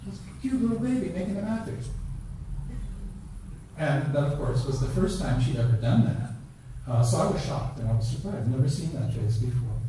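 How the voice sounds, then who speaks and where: A man's voice: mid-range voice, expressive, a little fast, dark tone. An older man giving a dharma talk at a temple, telling stories with playful asides. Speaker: dharma speaker. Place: temple hall. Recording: echoey hall from far off, background noise.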